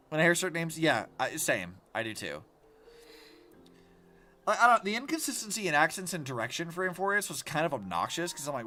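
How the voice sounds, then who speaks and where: A man's voice: high-pitched, fairly quick. A man streaming a game as a vtuber, chatting casually and ranting with plenty of swearing. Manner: rambling, profane, animated ranting. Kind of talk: casual gaming stream commentary.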